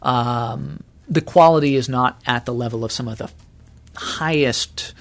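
Male expert guest, mid-pitched, calm and explanatory. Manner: measured, explanatory. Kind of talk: explanatory interview talk.

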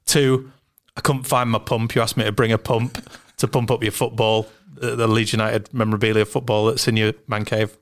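Lowish voice guy on a football podcast, stops and repeats himself a lot, casual. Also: level tone, moderate pace. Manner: hesitant, repeats words while thinking. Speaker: podcast co-host.

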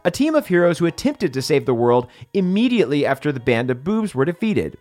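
Comic host reading credits, dry asides, bouncy higher voice, faint music bed. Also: male voice, a little fast. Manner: wry, deadpan one-word asides after each entry. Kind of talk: comedic scripted credits reading.

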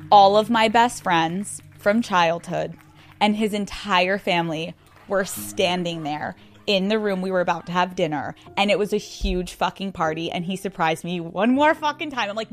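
A young woman from Pennsylvania hosting a podcast, telling a personal story in a casual, excitable way, swearing freely and saying "like" a lot. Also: mid-range voice, normal speed, faint music behind. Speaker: podcast host.

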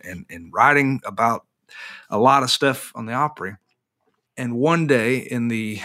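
A bright-voiced man telling a story. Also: on the low side. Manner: animated, self-deprecating storyteller with frequent restarts. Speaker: author guest. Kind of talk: storytelling in an interview.

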